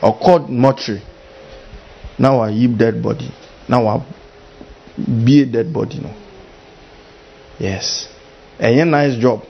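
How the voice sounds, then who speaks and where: A man preaching a sermon as pastor, animated and full of mimicry, with a husky voice. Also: medium pitch, measured pace, pauses often, highs cut off.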